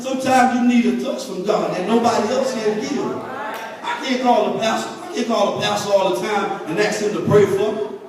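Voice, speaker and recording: A man preaching a sermon in a large church, talking to the congregation and rising into shouted, sung cadences. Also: very high voice, brisk. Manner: conversational, calls out to the congregation. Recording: echoey church hall from far off, crowd noise. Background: congregation responding.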